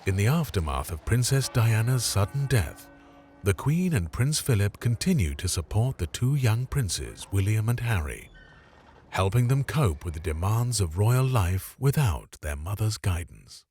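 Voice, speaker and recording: A man doing scripted documentary narration in a measured, expressive way. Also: on the low side, faint music behind.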